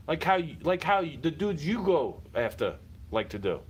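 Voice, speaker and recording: A man with a high, husky voice rants quickly and animatedly, venting his frustration straight to camera at someone he's fed up with. He repeats himself, swears frequently, and the audio quality is poor.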